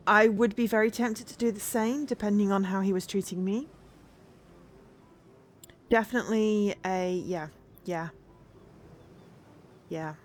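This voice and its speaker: A woman streamer chatting casually and rambling as she plays a game, laughing easily. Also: mid-range voice. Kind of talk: casual let's-play commentary.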